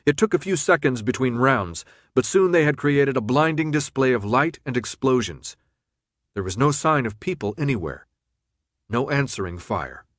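A man narrates an audiobook in a steady, even storytelling voice of middling pitch. He is recorded close on a studio mic. The sound is dry, with no room echo. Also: moderate pace. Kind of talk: scripted narration.

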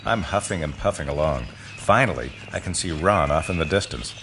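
Male audiobook narrator: low, lively voice, first-person, expressive storytelling. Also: a little fast, very noisy.

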